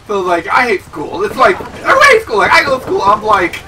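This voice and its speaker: A man's voice: very high voice, wildly swooping pitch, fast talker, heavy background noise. A young man hosting a let's play, rambling through a story and swearing often as he plays. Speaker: gaming channel host. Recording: voice from far off under loud game sound.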